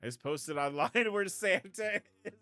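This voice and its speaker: A man voicing eager little children begging for presents, in a high, whiny, pleading tone. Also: normal speed, sharp tone, no room sound, soft background music.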